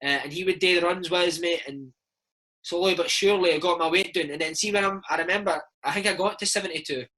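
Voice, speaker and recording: A Scottish man in his thirties, a former footballer, telling animated stories in a casual interview and slipping into impressions. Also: high voice, fast talker, low-quality recording. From Scotland. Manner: animated storyteller, slips into impressions of his old coach.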